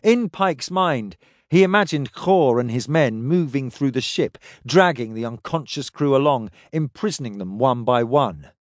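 A man reading a science fiction story aloud in steady, descriptive narration. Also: medium pitch, a little slow, no room sound, studio quality. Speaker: audiobook narrator.

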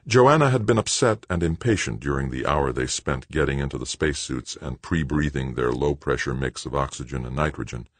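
A man reading an audiobook in measured, expressive scripted narration. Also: rumbling low, slightly rough, dry recording.

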